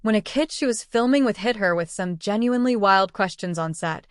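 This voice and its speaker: A woman reading scripted narration for a clip compilation in a smooth, even delivery. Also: medium pitch, brisk.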